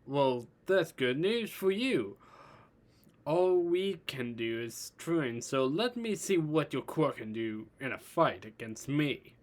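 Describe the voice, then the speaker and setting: A man voicing a big, calm, self-assured male warrior in a read-aloud fan story. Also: fairly high pitch, takes it slowly.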